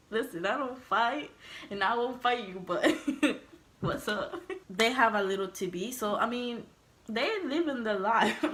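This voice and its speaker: Young woman telling a story, laughing often. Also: medium pitch. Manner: animated, laughing, swearing, acts out quotes. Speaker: vlogger. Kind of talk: casual storytime.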